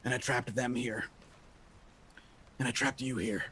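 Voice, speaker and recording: A man voicing a wounded young male exorcist, speaking in short, weak, halting phrases and short of breath. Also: mid-range voice, fairly even intonation, sharp tone, breathy edge. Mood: remorseful. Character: dying young male exorcist, guilt-ridden.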